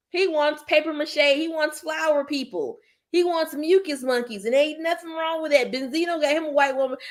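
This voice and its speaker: Blunt, laughing woman podcast host. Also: sits high. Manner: laughs often, loud playful bursts; slangy, blunt and teasing. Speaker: host of a commentary channel. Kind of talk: casual chat reacting to viewers.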